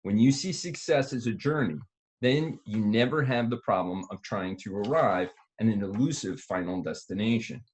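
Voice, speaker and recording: A man co-hosting a call, reading an article aloud in a deliberate radio-announcer style. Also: on the low side, a little hiss or hum.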